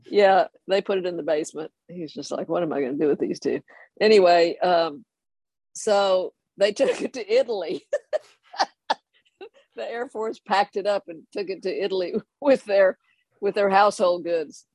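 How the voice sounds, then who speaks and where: An older person telling a family story in a lively way, often laughing and acting out the others. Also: mid-range voice, measured pace, dry recording. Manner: animated, laughing anecdote telling. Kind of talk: oral history storytelling.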